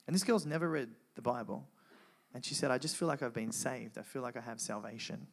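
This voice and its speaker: A man telling an emotional personal testimony to a live audience, earnest and animated, with frequent restarts. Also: medium pitch, fairly quick, vocal fry. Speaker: guest speaker sharing testimony.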